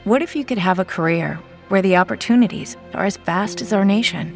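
A woman's voice: medium pitch, fairly quick, gravelly, soft background music, close to an everyday voice. A woman narrating a scripted recruiting ad in an earnest, inspiring way. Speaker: recruitment ad announcer.

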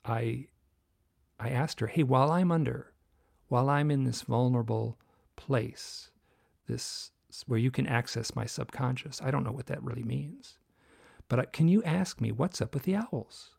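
Middle-aged male guest, strongly gravelly voice, earnest and halting, casual storytelling. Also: medium pitch, a little mellow. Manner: earnest, halting, many restarts and fillers. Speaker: guest author and researcher.

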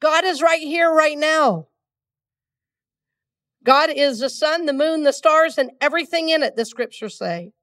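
A woman's voice: high-pitched, unhurried, long pauses, a bit bright, far from the mic. A woman from Georgia preaching a conversational sermon to a congregation. She is still getting over a cold and leads the room in call-and-response. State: still has a cold, congested. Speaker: minister.

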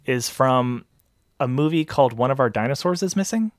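A man's voice: mid-range voice, animated, normal speed, slight background noise. A man hosting a casual podcast chat, explaining steadily and thoughtfully with hesitant restarts. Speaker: podcast host.

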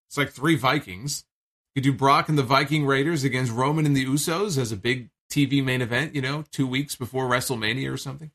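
A man's voice: mid-range voice, sharp tone. A man casually recapping a wrestling show for his podcast, rambling and chatty, with plenty of fillers and the odd swear.

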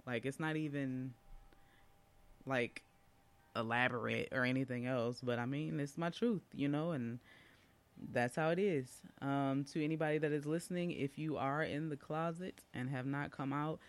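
A man talks casually into a podcast mic. He speaks at a middle pitch, chatty and open, wandering through asides and fillers as he tells his own story. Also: moderate pace.

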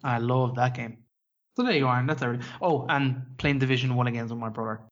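A man's voice: mid-range voice, fast talker. A man co-hosting a podcast in a casual, rambling chat that is peppered with swearing. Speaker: podcast co-host. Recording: dull lo-fi podcast audio.

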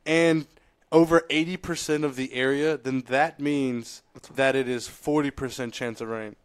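A man co-hosting a radio show, chatting casually and rambling excitedly with lots of fillers. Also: mid-range voice, a little slow, clean tone, no echo. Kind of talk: casual studio banter.

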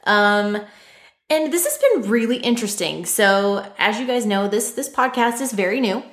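A chatty woman co-hosts a casual podcast, laughing easily as she talks. Her voice sits at a middling pitch, and the room around the mic is clearly echoey. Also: normal speed, a bit bright. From Nashville, Tennessee. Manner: bubbly, laughs often, chatty. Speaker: podcast co-host. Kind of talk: casual chat.

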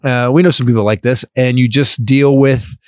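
A man hosting a casual comedic chat, rambling and animated, acting out the people he talks about. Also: medium pitch, normal speed, no room sound, clean studio sound.

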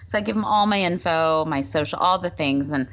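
A woman co-hosting a podcast, telling a story in a casual, animated way and acting out the voices of the people in it. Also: deep voice, fairly quick, highs cut off, slight background noise. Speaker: podcast co-host. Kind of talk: casual chat. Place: Los Angeles.

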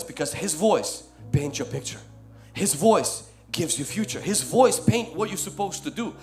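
Emphatic preaching man, higher voice. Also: lively intonation, moderate pace, soft background music. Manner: emphatic preaching that swings between loud and soft; addresses listeners as "my friend". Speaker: pastor. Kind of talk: sermon.

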